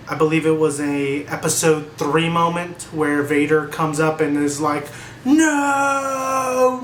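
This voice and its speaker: A man cutting in on a casual review with slow, blunt, profane remarks. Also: on the high side, a bit bright. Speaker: co-host chiming in. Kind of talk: casual interjection. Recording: echoey room with faint noise.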